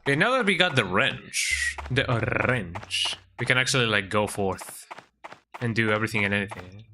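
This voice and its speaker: A man's voice: fairly low pitch, animated, normal speed, noisy background. A man streaming a game, chatting casually, often ending sentences with "eh?" and talking to his cat. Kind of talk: casual gameplay commentary.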